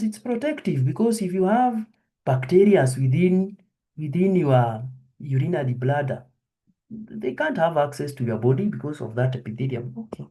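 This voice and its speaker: A man's voice: on the high side, warm tone. A man giving an anatomy review lesson, quizzing his students and repeating each question and answer. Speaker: anatomy lecturer. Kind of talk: online histology review lesson.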